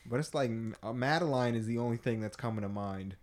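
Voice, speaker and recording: A man's voice: medium pitch, fast. A young man co-hosting a casual podcast chat, joking, profane and laughing along. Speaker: podcast co-host.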